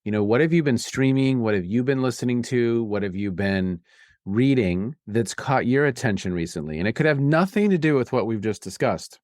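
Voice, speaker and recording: A man's voice: medium pitch, animated, a little fast, darkish tone, dry recording, clean studio sound. Reflective man hosting an interview. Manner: reflective, asks open questions. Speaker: podcast host.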